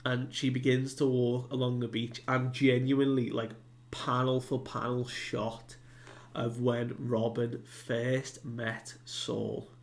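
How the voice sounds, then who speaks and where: Gravelly, slow-talking man recapping. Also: medium pitch, flat delivery. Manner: loose retelling with many fillers. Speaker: manga reviewer. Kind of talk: casual chapter recap.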